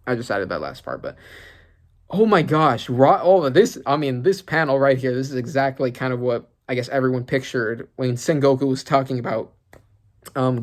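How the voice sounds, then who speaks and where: A man giving casual reaction commentary as a channel host, excitable and rambling as he thinks aloud. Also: medium pitch.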